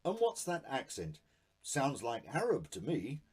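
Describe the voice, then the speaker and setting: A man's voice: mid-range voice, wildly swooping pitch, unhurried, darkish tone, husky, heavily acted. A man voicing a suspicious, bullying middle-aged village policeman who blusters and threatens.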